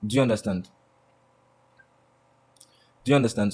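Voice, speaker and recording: A man's voice: on the low side, a little fast, darkish tone, breathy edge. A man teaching a sales lesson, often asking "do you understand?" and acting out sample lines. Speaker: sales course instructor.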